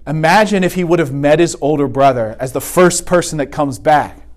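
A man's voice: on the high side, normal speed. Conversational man giving a sermon. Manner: conversational, asks the room "right?" often. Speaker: retreat speaker. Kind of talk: sermon talk.

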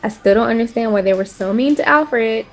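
A young woman chats on a podcast in a fairly high voice. She is relaxed and talkative, and she laughs easily. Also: a little fast. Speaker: podcast co-host. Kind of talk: casual chat.

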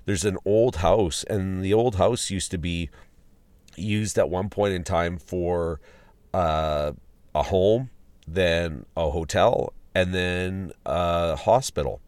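Standing outdoors at a ghost town, a man hosting a podcast talks through his road trip in a loose, rambling travel-log style full of fillers and restarts. He speaks slowly in a low, clear, resonant voice that is a little mellow, with no room sound.

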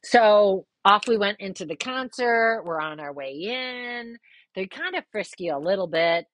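A woman in her fifties tells a rowdy personal story in a casual, lively way. She swears freely and jumps sharply up in pitch for quoted lines. Her voice sits at a middle pitch, recorded close and dry with no room sound. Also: a little slow, dry recording, rough recording.

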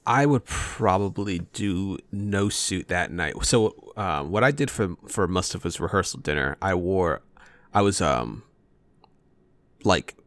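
Deep, gravelly male co-host, laid-back and chatty, dry close recording. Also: fairly bright tone, no echo. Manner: laid-back, with filler words like "like". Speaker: podcast co-host. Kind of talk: casual chat.

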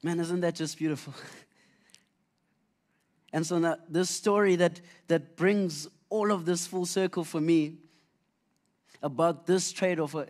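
Guy preaching a casual sermon, kinda higher voice, earnest, retells stories and restarts a lot. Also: a little mellow. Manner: earnest storytelling with frequent restarts. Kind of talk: conversational sermon.

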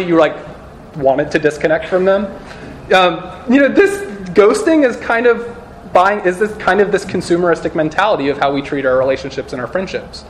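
A young man gives a relaxed sermon-style talk to students in a room. His voice sits a little high for a man, and he rambles in a chatty, joking way, peppering his sentences with "like". A faint hiss runs under his voice. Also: brisk. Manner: chatty and joking, leans heavily on "like" and "you know". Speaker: speaker at a campus student gathering. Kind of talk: casual sermon-style talk to a live audience. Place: room with a live audience.

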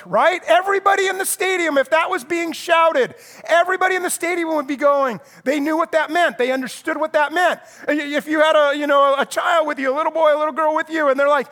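A man's voice: extremely high pitch, a little fast, hardly any pauses, fairly bright tone. A middle-aged man preaching a sermon as a pastor, telling the story vividly and acting out the voices of the crowd.

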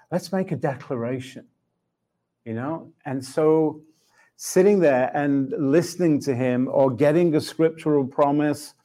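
A middle-aged man recounts a personal faith story in an easy conversational way. He is reflective, laughs readily and voices the exchanges he describes. His pitch sits in a plain middle range. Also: mellow. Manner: reflective, laughs often, acts out dialogue with God. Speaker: Christian speaker.

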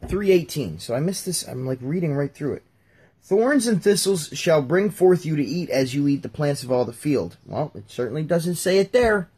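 Man, husky, slightly high-pitched, casual Bible reading, jokey asides. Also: very animated, normal speed, a little mellow. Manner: jokey, talks while flipping through pages. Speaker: podcast host reading scripture.

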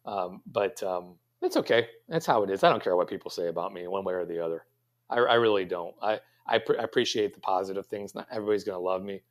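A man's voice: low voice, animated, quick pace. A middle-aged man, a pastry chef guest, answering interview questions in a rambling, reflective way with many fillers and restarts.

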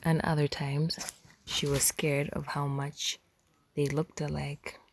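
A woman narrating a story in a hushed, unhurried whisper. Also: deep voice, level tone.

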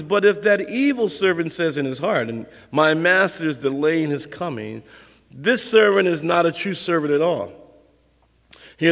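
A man preaching a sermon as pastor, conversational and lively, acting out little scenes for his listeners. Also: high voice, in a large hall.

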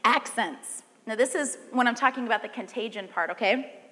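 Animated woman preacher in a reverberant hall. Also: on the high side, normal speed. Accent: Southern American. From Southern United States. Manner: animated, conversational, asks the audience questions. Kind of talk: sermon.

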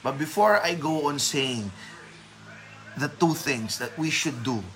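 A man's voice: fairly high pitch, unhurried, fairly bright tone, rough recording. A man with a Filipino accent giving a Bible teaching sermon to an online audience, moving freely between English and Tagalog and greeting listeners by name. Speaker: preacher.

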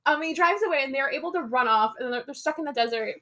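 A woman's voice: high-pitched, fast talker, sharp tone. A young adult woman co-hosting a podcast, retelling film scenes in a rambling, giggly way full of fillers. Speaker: podcast co-host. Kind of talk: casual chat recapping a film. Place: Portland area, Oregon.

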